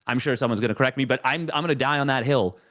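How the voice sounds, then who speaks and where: A man's voice: mid-range voice, very fast, a bit bright. A man in a casual esports chat, ranting heatedly and swearing freely.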